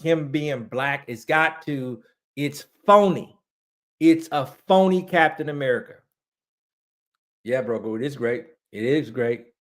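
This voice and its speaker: A man ranting casually to his viewers, excitable and rambling, repeating himself, his voice cracking high when he gets worked up. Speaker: online ranter reviewing movies and shows.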